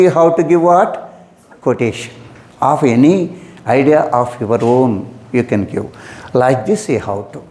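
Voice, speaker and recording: A man's voice: mid-range voice, a little mellow, roomy sound. A man teaching an English exam lesson who repeats his instructions and calls his students "my dear".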